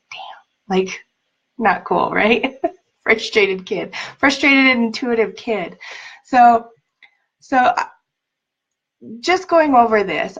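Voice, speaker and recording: A woman's voice: medium pitch, highs cut off. A woman life coach telling personal stories in a casual teaching talk, chatty and full of "like" and "um", laughing lightly now and then.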